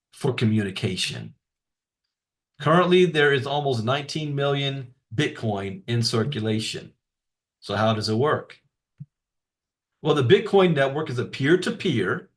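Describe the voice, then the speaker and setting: A man presenting a beginner's crypto lesson, reading from notes with casual asides and emphatic repetition. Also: medium pitch. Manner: explanatory, emphatic repetition for stress.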